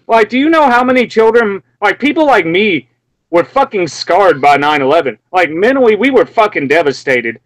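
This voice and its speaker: A young man from Memphis ranting in a casual, profane way, breaking into high mocking yelps as he acts out what he heard. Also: sing-song, normal speed, a bit bright, no room sound, poor audio. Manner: heated, profane, mimics screams in sudden high yelps.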